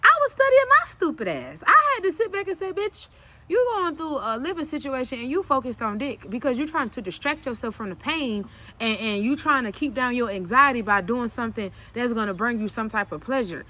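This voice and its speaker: A young woman with a high, bright voice recounts family drama in a candid storytime vlog. She talks bluntly and swears freely. Her voice jumps up animatedly whenever she quotes herself. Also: brisk. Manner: blunt, profane and emphatic, often cursing; animated retelling with sharp jumps when quoting herself. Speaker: vlogger telling a personal story.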